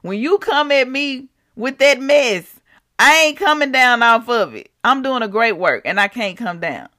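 Woman doing a defiant prophet, bright forceful voice, sassy, dismissive, repeats refusals. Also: fairly high pitch, lively intonation, a little slow. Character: defiant ancient male prophet, stubborn.

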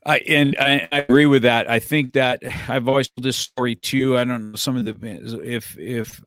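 A middle-aged man talks loosely about his martial arts school, circling back and restarting his sentences and laughing often. His voice sits at an ordinary pitch. The sound is close and dry, with no room echo. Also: steady tone, moderate pace, fairly bright tone. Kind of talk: casual conversation. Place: his office.

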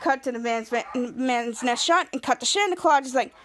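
A woman's voice: high-pitched, moderate pace, fairly bright tone, slight background noise. A woman podcast host giving a casual, rambling recap of a TV episode, often restarting her sentences. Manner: rambling, restarts with many cuts.

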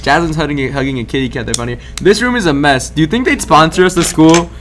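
A man's voice: on the high side, animated, fast talker, a bit bright, faint music behind. A teenage man co-hosting a casual podcast, telling a story with lots of fillers and laughs. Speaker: podcast co-host.

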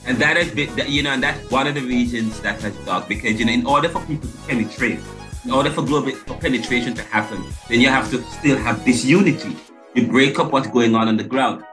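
A man's voice: mid-range voice, fast, over music. A man from the Caribbean hosting a podcast interview, talking emphatically and stressing single words with many restarts. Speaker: podcast host. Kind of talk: casual interview conversation.

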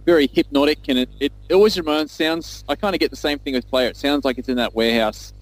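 A man joining a casual music discussion with relaxed, quick remarks of agreement. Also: fairly high pitch, no echo. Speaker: podcast panelist.

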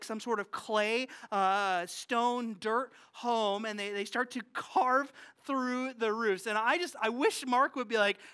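Pastor doing a chatty sermon, asks the crowd stuff, bright tone, gets loud then goes real quiet. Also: medium pitch, clean tone. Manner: animated and conversational, swinging from loud outbursts to hushed asides; asks the congregation questions and jokes about family life. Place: church, speaking to a congregation.

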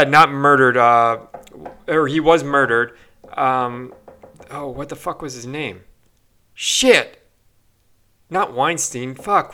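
A man's voice: high voice, bright, forceful tone. A young man ranting on a solo podcast, swearing often and stumbling through fillers and restarts. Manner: profane, frustrated ranting with frequent fillers and restarts. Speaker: podcast host.

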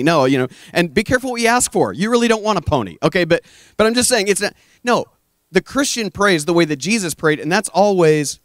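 A man's voice: high-pitched, expressive, moderate pace, no room sound, clean studio sound. Earnest middle-aged male preacher. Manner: earnest storytelling, drops to a hush for emphasis; addresses the audience as "guys". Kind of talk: conversational sermon.

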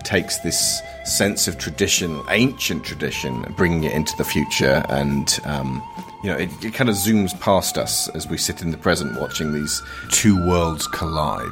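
A man's voice: a bass voice, lively intonation, moderate pace, music in the background. A man hosting a casual chat, rambling and playful, with many hesitations. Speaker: podcast host.

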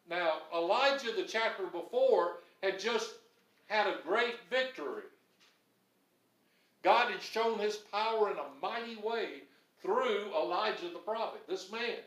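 A man's voice: sits high, fairly bright tone, recorded from a distance. A male pastor preaching a sermon, building emphasis through repeated phrases, recorded in a church. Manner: preaching with rising emphatic repetition. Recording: echoey room, voice from off-mic.

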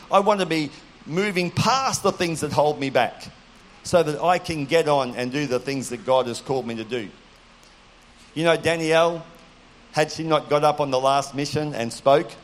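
A middle-aged man delivers a sermon in an earnest, direct way, weaving personal stories into it. His voice sits slightly high for a man. He talks straight to the audience and asks them questions. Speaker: preacher.

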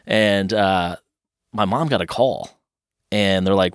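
A man's voice: deep voice, slow pace, clear, resonant tone, dry recording, studio quality. A man in his thirties from Kentucky, a podcast guest telling rambling childhood stories and animating the voices of people he quotes. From Louisville, Kentucky. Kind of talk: casual interview storytelling.

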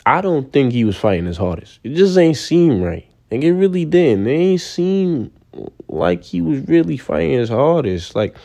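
A young man from New rants in a loose, slang-heavy way. His voice is dark and mellow but swings wildly in pitch, jumping into squeaky outbursts. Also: normal speed. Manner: animated, slangy, sudden high-pitched outbursts. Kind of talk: casual rant to camera.

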